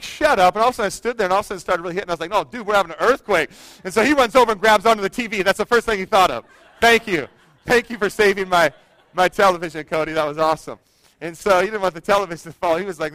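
A man pastor delivers a sermon with a high, light voice, trading formal preaching for casual, joking stories. The sound is close and dry. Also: fairly bright tone, dry recording. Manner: conversational storytelling with humor. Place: church.

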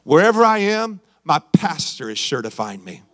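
A man voicing a calm, wealthy castaway who lounges unbothered in the shade. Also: on the high side, moderate pace, pitched below the performer's own voice. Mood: smug. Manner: relaxed, unbothered.

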